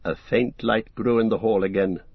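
A man narrating an audiobook in a measured, solemn storytelling manner. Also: on the low side, steady tone, no echo. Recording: dull dry lo-fi recording.

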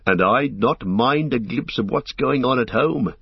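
Guy doing a homely country hobbit servant, husky, kinda lo-fi sound. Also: mid-range voice, expressive, measured pace, dry recording. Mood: wistful. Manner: rustic country speech. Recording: dull lo-fi audiobook recording.

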